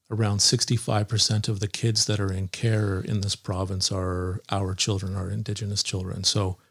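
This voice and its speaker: A man with a low voice and a gravelly, creaky edge. He answers interview questions slowly and thoughtfully. He pauses often as he works through his points. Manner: measured, hesitant, with frequent pauses. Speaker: lawyer, interview guest. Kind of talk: conversational interview.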